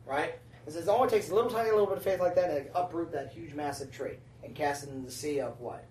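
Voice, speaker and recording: Speaking fast in a medium, somewhat mellow voice, a preacher talks through his sermon conversationally. He keeps turning to the congregation with "right?" or "amen?", and the distant mic leaves a roomy feel.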